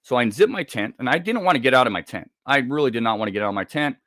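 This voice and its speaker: A man's voice: medium pitch, lively intonation, a bit bright, dry recording, clean studio sound. Man telling a tense campfire story. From Scotland. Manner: halting, repeats words, builds tension. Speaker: guest telling an encounter story. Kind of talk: casual storytelling.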